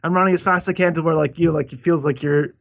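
A man's voice: on the high side, fairly even intonation, very fast, vocal fry. A man co-hosting a casual podcast over a call, telling a long story in a rambling way, full of swearing and restarts. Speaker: podcast co-host. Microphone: Skype call.

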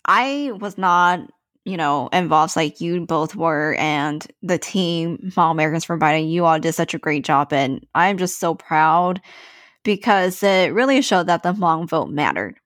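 Woman cohost talking slow and emphatic, kinda low voice, dry sound. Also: animated, a bit bright, no room sound. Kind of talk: casual chat.

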